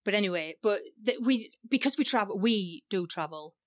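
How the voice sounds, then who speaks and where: A woman's voice: medium pitch, animated, moderate pace, no room sound, studio quality. A middle-aged woman with an English accent, chatting and giggling as a podcast co-host, self-mocking. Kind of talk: casual chat.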